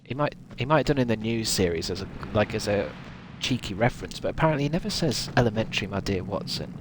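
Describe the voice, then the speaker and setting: A man's voice: on the low side, lively intonation, quick pace, noisy background. A man chatting casually while streaming a game, swearing freely and laughing often. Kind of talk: casual gaming stream chat.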